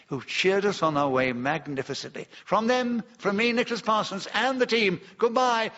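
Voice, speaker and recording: A man's voice: high-pitched, animated, moderate pace, few pauses, fairly bright tone, dull audio. An older man hosting a radio panel game with courteous, formal announcing before a live audience. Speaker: panel show host.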